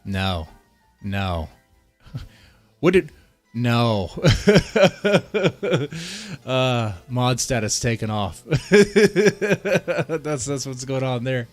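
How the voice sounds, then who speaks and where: A male streamer ranting to his chat with heated, profane outbursts, repeating lines and tripping over restarts. His pitch sits in an ordinary middle range. Soft music plays underneath. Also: lively intonation, drawn-out words, dry recording. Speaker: streamer reacting to a video. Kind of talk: casual live-stream rant.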